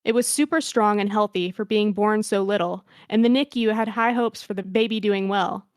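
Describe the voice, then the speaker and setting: A woman's voice: medium pitch, fairly even intonation, normal speed, no echo. A young woman hosting a podcast, reading a listener's story aloud and then chatting, wry and self-mocking. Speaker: podcast host.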